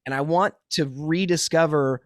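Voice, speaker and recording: A male musician being interviewed over a remote call from his home studio, telling stories in a lively, easily laughing way. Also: on the high side, moderate pace, no room sound. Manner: animated storyteller, laughs easily. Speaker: musician guest. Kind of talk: casual interview chat.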